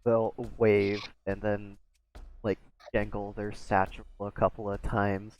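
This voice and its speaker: Laid-back low-voiced male game master. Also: flat delivery, slow pace, a little mellow. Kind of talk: narrating a tabletop game.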